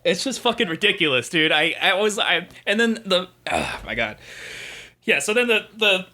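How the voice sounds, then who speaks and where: A man's voice: high-pitched, big pitch swings, normal speed, pushed and bright. A young man co-hosting a podcast, chatting casually about a movie, rambling, swearing and acting out lines in silly voices. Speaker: podcast co-host. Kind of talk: casual movie review chat.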